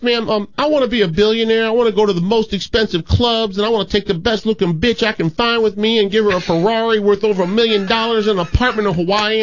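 A man putting on a high cocky little schoolboy. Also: fairly bright tone, a little hiss or hum. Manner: eager, bragging list. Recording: dull lo-fi radio sound.

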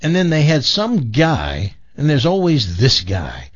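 A man's voice: medium pitch, huge pitch swings, a little slow, dry recording. Radio guy telling stories, chuckles a lot, swingy voice, kinda dull sound. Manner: rambling storyteller, chuckling. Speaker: radio talk show host. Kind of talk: casual radio talk. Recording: dull broadcast audio.

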